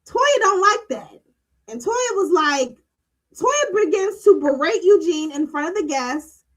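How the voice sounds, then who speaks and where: A woman's voice: extremely high pitch, sing-song, unhurried, low-quality recording. A woman hosting a casual panel recap, talking bluntly and animatedly and acting out quotes as she goes. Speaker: podcast host recapping a reality show.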